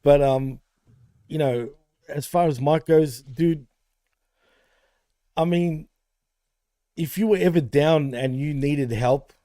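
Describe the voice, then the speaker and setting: A man's voice: fairly high pitch, takes it slowly, pauses often, warm tone, no room sound. A man co-hosting a wrestling podcast, paying a rambling, heartfelt tribute to a late friend, full of fillers. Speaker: podcast co-host.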